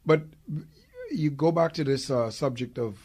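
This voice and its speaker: Male interviewer, short questions, brief agreeing replies, mid pitch. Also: measured pace, darkish tone, slightly rough.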